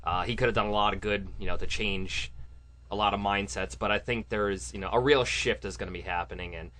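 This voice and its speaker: A man chatting as a regular on a cannabis talk show, an animated storyteller. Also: on the low side, a little fast, slight background noise. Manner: animated storyteller, acts out quotes in put-on voices. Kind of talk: casual talk radio chat.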